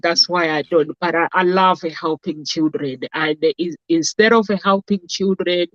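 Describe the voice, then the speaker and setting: A woman's voice: low-pitched, no room sound. A woman from Africa hosting a casual talk show, telling stories in a rambling way with many fillers. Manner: rambling, storytelling, frequent "basically" and "uh". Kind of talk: casual chat. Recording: dull lo-fi dry sound.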